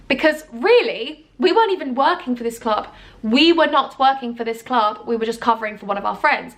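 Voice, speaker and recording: A young woman tells a vlog storytime straight to camera. Her voice sits a little high, and she talks in a chatty, giggly way, swinging into loud, squeaky quotes of her younger self and then dropping back to quick asides. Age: young adult. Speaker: YouTuber.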